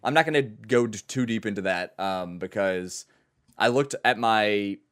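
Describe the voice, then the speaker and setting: A man's voice: lowish voice, measured pace, fairly bright tone. Rambling male podcast co-host. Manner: rambling, frequent restarts and fillers. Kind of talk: casual chat.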